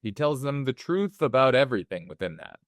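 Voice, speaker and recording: A man's voice: mid-range voice, no echo, clean studio sound. A man in his forties co-hosting a casual movie podcast, talking animatedly and acting out scenes from a film. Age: 40s. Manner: animated, acts out movie scenes in quick voices. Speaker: podcast co-host.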